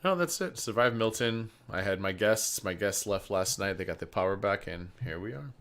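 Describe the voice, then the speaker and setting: A man's voice: lowish voice, animated, normal speed, a bit bright. A man guesting on a casual stream, rambling chattily through profane anecdotes. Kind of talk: casual storytelling chat.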